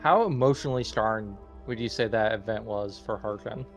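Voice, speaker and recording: A man's voice: fairly low pitch, fairly quick, soft background music. Man player asking rule questions. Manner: thoughtful, asks rule questions. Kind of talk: casual tabletop play.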